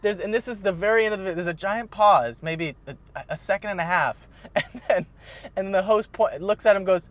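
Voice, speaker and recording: High-voiced rambling podcast host. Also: male voice, normal speed, no room sound. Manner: rambling, laughs often while telling stories. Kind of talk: casual chat.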